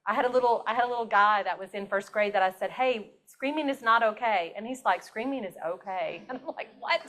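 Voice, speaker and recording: Woman workshop presenter, slightly high voice, chatty and animated with frequent laughs. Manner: animated, chatty, laughs often while teaching. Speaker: presenter at a teacher training on autism and behavior. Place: classroom or meeting room with a live audience.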